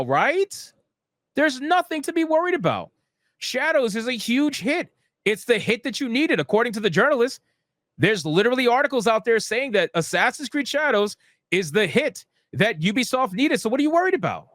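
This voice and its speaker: High-voiced man ranting about gaming news. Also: fairly bright tone, dry recording, clean studio sound. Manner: profane, repetitive, mocking. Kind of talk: live ranting commentary, reading news aloud.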